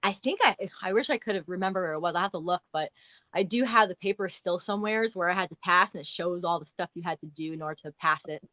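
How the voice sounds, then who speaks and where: A woman joins as a guest in a casual chat. She talks in a relaxed way and often trails off. Her remote audio sounds dry and a little muffled. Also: on the low side, fast, no echo. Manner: relaxed, laughs easily, trails off.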